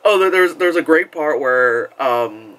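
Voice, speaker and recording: A man giving a casual spoken movie review, rambling and animated, full of fillers, who acts out shouts from the crowd. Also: a little high, unhurried, poor audio.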